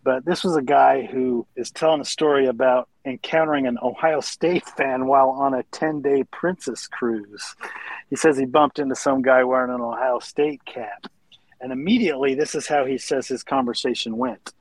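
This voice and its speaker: A man co-hosting a casual podcast, recounting a story in a relaxed way and laughing easily. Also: medium pitch, normal speed, creaky, no echo, poor audio. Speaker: podcast co-host.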